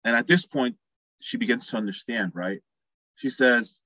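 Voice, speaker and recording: A man's voice: medium pitch, normal speed, bright, forceful tone, no echo, dull audio. A man preaching a sermon in a conversational way, acting out the people in the story as he goes. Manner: conversational, acts out quoted voices.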